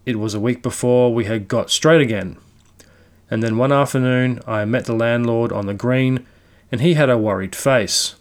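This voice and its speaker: A man narrating a classic ghost story aloud in a measured storytelling manner. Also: medium pitch.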